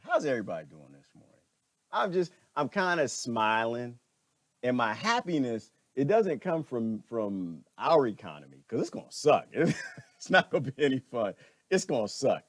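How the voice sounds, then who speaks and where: A middle-aged man giving a preachy, animated monologue as a vlogger, laughing often and repeating himself. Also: mid-range voice, no echo, clean studio sound. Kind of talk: ranting commentary monologue.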